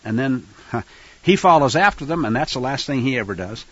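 Animated man teaching scripture. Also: medium pitch, a little fast, breathy edge, dry recording, dull audio. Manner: animated, acts out quoted lines loudly. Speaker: fellowship teacher.

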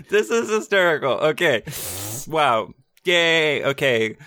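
A man's voice: on the high side, bright, forceful tone. A man co-hosting a podcast, chatting casually through an improv game and laughing often. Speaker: podcast co-host.

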